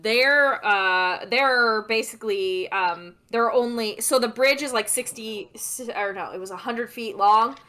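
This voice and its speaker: A young woman running a tabletop game as game master, chatty and narrating with many pauses and restarts. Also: a little high, pushed and bright. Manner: chatty, lots of fillers and restarts while narrating.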